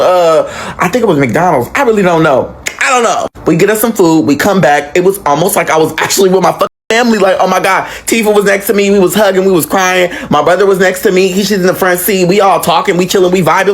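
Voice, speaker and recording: Telling a personal story, a young man is loose and lively, swearing without restraint while his pitch leaps dramatically.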